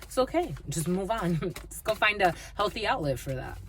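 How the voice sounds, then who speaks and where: A woman's voice: mid-range voice, big pitch swings, normal speed, a little hiss or hum. A woman giving a blunt, profane tarot reading to her viewers, scolding and swearing freely. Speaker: tarot reader. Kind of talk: spiritual reading monologue.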